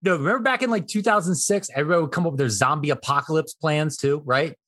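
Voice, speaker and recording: A man in his thirties co-hosting a casual comedy podcast, telling bits in an animated way and jumping into high voices for characters. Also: quick pace, dry recording, studio quality. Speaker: podcast co-host.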